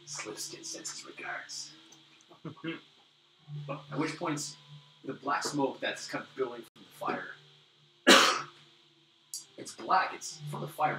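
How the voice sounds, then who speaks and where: A man's voice: mid-range voice, bright, forceful tone. A man narrating a tabletop game as game master, loose and descriptive, with fillers. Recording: roomy room, distant mic, background music.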